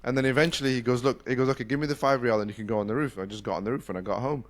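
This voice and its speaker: A middle-aged man from the UK, hosting a casual conversation and telling a story fast, with lots of restarts. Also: medium pitch. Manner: fast-talking, full of restarts. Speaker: podcast host.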